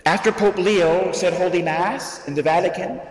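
A man preaching as a priest, slow and dramatic, his voice swinging up and down in pitch. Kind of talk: sermon. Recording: echoey hall, voice from the mic at a distance.

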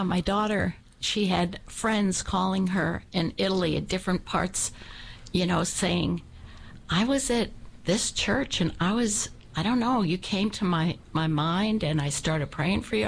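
Woman radio guest, gravelly voice, tells a lively story and acts out the people in it. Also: on the low side, a little slow, slight background noise.

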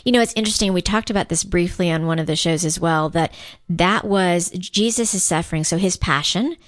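A woman's voice: on the low side, brisk, no echo, studio quality. A woman co-hosting a faith talk radio show, chatting enthusiastically and laughing often. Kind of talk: casual chat.

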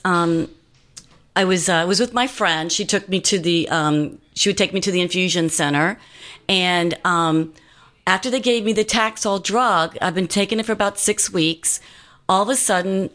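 Earnest woman with a lowish voice. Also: a bit bright. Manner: earnest, meandering with many fillers and restarts. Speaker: guest. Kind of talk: personal storytelling.

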